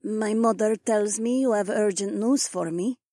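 A raspy young noblewoman, put on by a male narrator in an audiobook. She speaks slowly and quietly, with wonder. The sound is close and dry. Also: high voice, dry recording, voice pushed up. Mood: curious.

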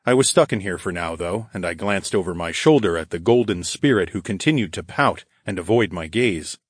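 A male audiobook narrator with a low, husky voice tells a first-person fantasy story. His delivery is dry and cocky, and the recording is close with no room echo. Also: expressive, a little fast.

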